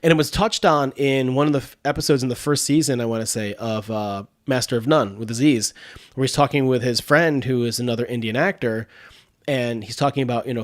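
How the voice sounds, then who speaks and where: Stuffed-up guy hosting a podcast, rambles, restarts a lot, laughs a bunch. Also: mid-range voice. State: congested sinuses. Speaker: podcast host. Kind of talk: casual chat.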